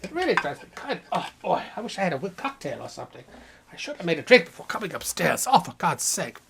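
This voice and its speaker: A man's voice: fairly high pitch, fast, vocal fry, exaggerated voice. A man voicing a theatrical, self-important male puppet professor hosting a live stream Q&A, rambling and breathless. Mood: weary. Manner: animated, theatrical, rambling asides. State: out of breath, exhausted. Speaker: puppet host.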